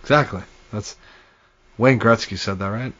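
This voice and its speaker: A man's voice: fairly low pitch, moderate pace, fairly bright tone. A man co-hosting a podcast in casual chat, laid-back, swearing casually and laughing often. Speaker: podcast co-host. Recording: dull lo-fi podcast audio.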